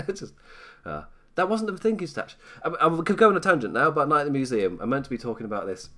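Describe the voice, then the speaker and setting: A man's voice: medium pitch, fairly bright tone. A British man hosting a live stream, commenting casually in a rambling, self-mocking way and laughing often.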